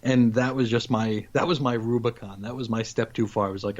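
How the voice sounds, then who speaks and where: A man's voice: mid-range voice, steady tone, a little mellow. Rambling man on a dull-sounding podcast line. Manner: rambling, halting with restarts. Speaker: podcast co-host. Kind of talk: casual chat.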